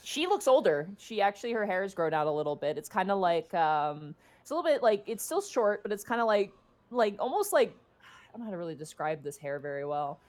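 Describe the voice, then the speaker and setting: A woman's voice: medium pitch, sing-song, brisk, a little mellow. A woman narrating a tabletop game as game master, casual and rambling, with lots of "like" and "uh".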